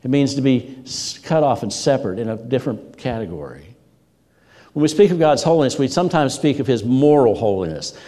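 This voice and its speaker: A man's voice: mid-range voice, animated, fairly quick, dark tone. A man preaching a sermon as a pastor, telling stories with energy and repeating words for emphasis. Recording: long hall reverb.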